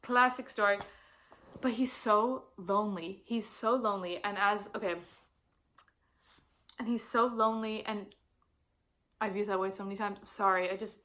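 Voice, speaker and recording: A young woman in a casual book vlog, talking in loose rambles full of fillers and restarts. Her pitch sits at an ordinary middle height for a woman, and she gushes with excitement as she talks. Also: measured pace, pauses often. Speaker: book vlogger. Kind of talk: casual chat about books.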